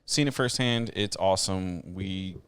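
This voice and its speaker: A man's voice: low voice, a little slow, smooth. Laid-back man hosting a podcast. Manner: relaxed, rambling, filler-heavy, laughs often. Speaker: podcast host. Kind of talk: casual chat.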